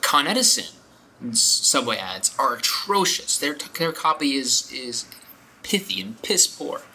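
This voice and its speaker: A young man rants casually as a podcast co-host, blunt and opinionated. His voice is very bright and sharp. Faint noise hums behind him. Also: a little high, big pitch swings, measured pace, creaky, low-quality recording. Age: young adult. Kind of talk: casual chat.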